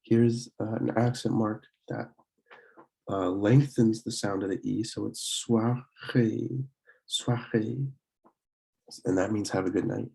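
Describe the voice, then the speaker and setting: A young man teaching a French lesson from slides, slowly repeating words and often clearing his throat to correct himself. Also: fairly low pitch, level tone, warm tone, rough recording. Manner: slow, repeated pronunciation drills. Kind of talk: slide-based language lesson.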